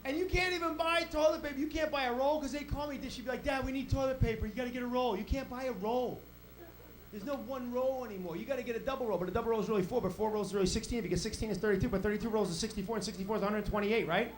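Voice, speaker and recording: High-voiced ranting New man. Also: very fast, slight background noise, low-quality recording. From New York. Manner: ranting, exasperated, building to loud punchlines. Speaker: stand-up comedian. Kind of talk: stand-up routine.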